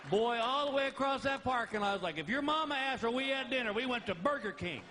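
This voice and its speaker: A middle-aged man telling stand-up stories about his family in a folksy, animated way, laughing at his own jokes. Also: very high-pitched, fast, few pauses. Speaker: stand-up comedian. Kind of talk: stand-up storytelling. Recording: live comedy album with faint noise.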